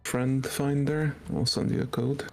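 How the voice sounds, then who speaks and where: A man talking quietly over voice chat from home at night, chatting casually with a friend. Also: medium pitch, little pitch movement, measured pace, faint music behind. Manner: talks quietly and softly. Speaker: friend joining the stream.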